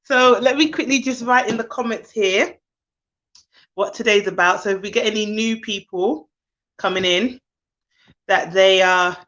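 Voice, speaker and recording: A woman's voice: medium pitch, moderate pace, pauses often, fairly bright tone. A woman who works as a nanny and childcare expert, hosting a casual live stream and sounding sleepy. She chats easily, greets her viewers by name and laughs often. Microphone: phone or laptop for a live stream. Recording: dull lo-fi live-stream audio.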